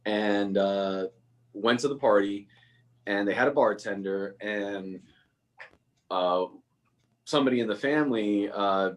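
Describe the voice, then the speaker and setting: A man's voice: on the low side, measured pace, long pauses. A young man chatting as a guest on a video call, telling stories and laughing at himself. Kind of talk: casual video-call chat.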